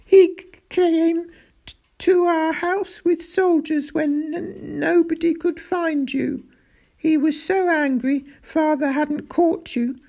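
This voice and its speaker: A woman's voice: very high-pitched, fairly even intonation, slow pace, warm tone, pitched above the performer's own voice, exaggerated voice. A woman voicing a frightened young boy who sobs and stammers in a storybook reading. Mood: sobbing. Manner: sobbing, stammering.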